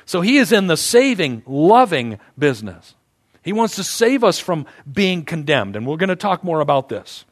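A man's voice: high voice, big pitch swings, normal speed. A male pastor preaching a conversational sermon, emphatic and often repeating his words as he builds a point.

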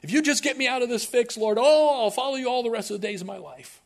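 A man voicing a desperate man who bargains with God in a frantic, high-pitched plea. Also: quick pace, vocal fry.

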